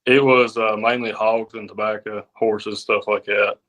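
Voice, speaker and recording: A man's voice: fairly low pitch, level tone, measured pace, a bit bright. A nineteen-year-old man with a Southern American accent from Virginia, a farmhand giving brief, plain-spoken interview answers. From Virginia, USA. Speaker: podcast guest, farmhand.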